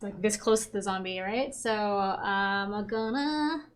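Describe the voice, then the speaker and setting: A woman's voice: mid-range voice, measured pace. A woman playing in a tabletop game, playful and giggly, with self-mocking asides. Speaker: player. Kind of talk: casual tabletop play.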